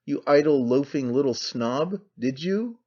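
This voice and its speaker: A man's voice: medium pitch, animated, a little slow, darkish tone. A man reading an audiobook voices a frantic, impassioned man who pleads and accuses with intensity. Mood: accusing. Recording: slightly dull lo-fi sound.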